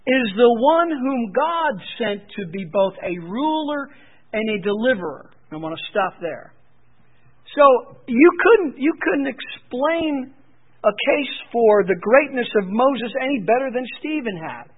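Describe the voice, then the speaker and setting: A male preacher with a high voice teaches verse by verse, now and then lifting into emphatic scripture readings. He comes through a tinny, phone-like radio broadcast. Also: big pitch swings, unhurried, breathy edge. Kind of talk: expository sermon.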